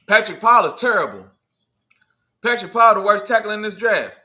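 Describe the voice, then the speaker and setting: A man hosting a casual sports livestream, talking in loose slang, riffing and answering his chat in an animated way. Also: high-pitched, moderate pace, long pauses. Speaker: livestream host.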